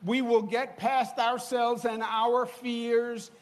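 Slow, solemn New politician, high voice. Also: male voice, little pitch movement. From New York.

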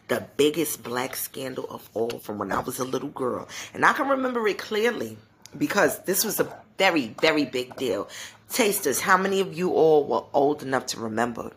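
A woman in her forties hosting a podcast, telling stories in an animated, gossipy way and talking straight to her listeners. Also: low-pitched. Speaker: podcast host. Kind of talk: casual solo podcast storytelling.

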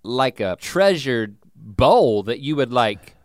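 A man's voice: medium pitch, big pitch swings, slow pace, dry recording, clean studio sound. A man co-hosting a casual chat, bantering and teasing in a playful way. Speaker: podcast co-host.

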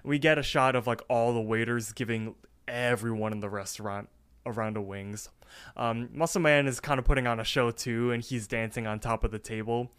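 A man's voice: mid-range voice, fairly even intonation, brisk, fairly bright tone, clear, resonant tone. A man co-hosting a podcast, casually retelling a cartoon episode with lots of fillers. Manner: rambling retelling with fillers and quoted lines. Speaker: podcast co-host.

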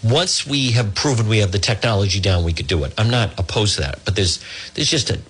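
A male talk radio host who rambles through a monologue and a joke, halting often with fillers and restarts, into a handheld microphone. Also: lowish voice, lively intonation, fairly bright tone, husky. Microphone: handheld microphone, also streamed on social video.

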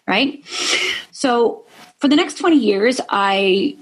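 Earnest husky woman telling a life story. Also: fairly high pitch, expressive, slow. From Upper Michigan, US. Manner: earnest, frequent "right?" tags. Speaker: life coach guest. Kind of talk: personal storytelling interview.

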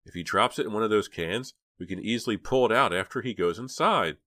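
A man voicing a bold, quick-thinking teenage girl who talks in a brisk, bossy, urgent way. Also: lowish voice, a bit bright, dry recording, studio quality, pitched above the performer's own voice, natural voice.

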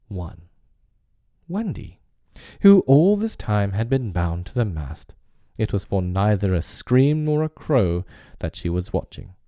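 Male audiobook narrator, measured storytelling, dry close sound, slow pace. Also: sits low, warm tone, dry recording.

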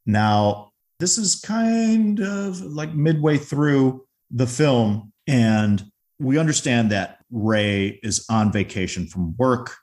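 A man's voice: medium pitch, expressive, slow pace, darkish tone. A man co-hosting a podcast, casually retelling a movie scene and briefly acting out the characters' lines. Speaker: podcast co-host.

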